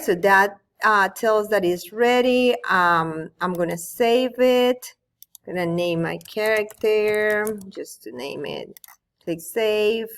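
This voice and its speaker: A woman teacher walking students through an online tool, patiently explaining step by step at her computer. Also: fairly low pitch. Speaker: Spanish teacher. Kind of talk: screen-recorded tutorial.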